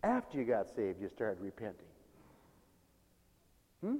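A man preaching a sermon as pastor, swinging between quiet asides and loud, high exclamations, often laughing between points. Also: wildly swooping pitch, slow, long pauses, breathy edge, long reverb tail, dull audio.

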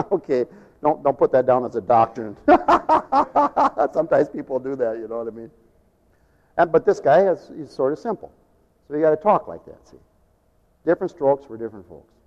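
An older man preaching a sermon as pastor, telling folksy stories, acting out voices and rising to shouts. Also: medium pitch, lively intonation, moderate pace, pauses often. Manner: folksy storytelling, acts out voices, rises to shouting. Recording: dull lo-fi sound with long hall reverb.

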